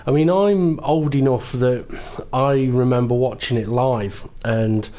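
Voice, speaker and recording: A man hosting and commentating a sim racing broadcast, setting the scene in an unhurried, explanatory way. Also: mid-range voice, dark tone. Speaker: lead commentator.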